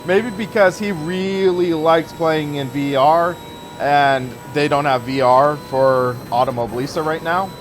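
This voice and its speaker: A man's voice: a little high, fairly even intonation, unhurried, a little hiss or hum. A man in his early twenties giving chatty, rambling commentary while he plays a racing game live and thanks viewers. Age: early 20s. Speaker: sim racing streamer. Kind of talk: casual live gameplay commentary.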